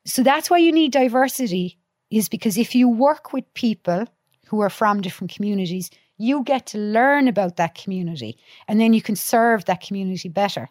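Dublin woman telling lively stories. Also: medium pitch, a little fast, no room sound, studio quality. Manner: lively storyteller, acts out quotes, swears freely. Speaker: podcast guest, youth worker. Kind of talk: casual chat.

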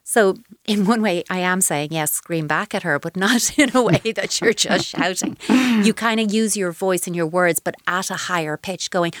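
A woman's voice: on the low side, normal speed, dry recording, clean studio sound. Woman giving parenting advice. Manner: warm explanatory, acts out voices playfully. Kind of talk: advice radio chat.

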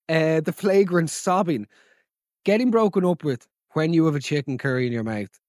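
A man hosting a comedy podcast, talking in an animated, sweary, mock-dramatic way. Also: fairly high pitch, a little slow, dry recording, clean studio sound. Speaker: podcast host.

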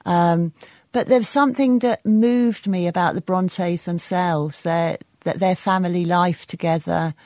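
Thoughtful low-voiced woman novelist. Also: a little mellow, no room sound. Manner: thoughtful, hesitant with many fillers. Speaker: novelist guest. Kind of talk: radio interview chat.

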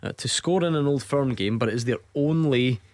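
A man's voice: medium pitch, brisk, a little mellow, dry recording. Man, sports radio host, casual and rambling, dry studio sound. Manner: chatty, hedging, self-correcting. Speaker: radio football show host.

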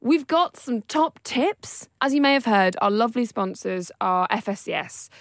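A woman's voice: fairly high pitch, expressive, moderate pace, no room sound, clean studio sound. A woman around thirty co-hosting a podcast in casual chat, chatty and self-mocking, laughing often. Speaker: podcast co-host.

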